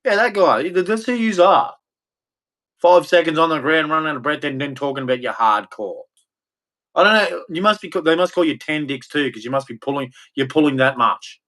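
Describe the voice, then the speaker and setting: A man's voice: fairly high pitch, lively intonation, brisk, pushed and bright. A middle-aged man, hosting and ranting bluntly, mocking others and acting out their voices. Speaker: host. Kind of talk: opinionated rant.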